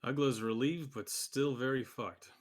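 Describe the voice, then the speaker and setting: A man playing a tabletop game, excitable and swearing casually. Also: mid-range voice, unhurried. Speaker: player. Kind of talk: casual chat.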